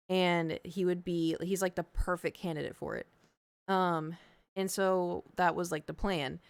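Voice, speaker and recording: A woman's voice: lowish voice, dry recording. Woman streamer rambling thru a story to chat, lots of likes and ums, dry sound. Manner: chatty storytelling, lots of fillers. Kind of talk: casual chat.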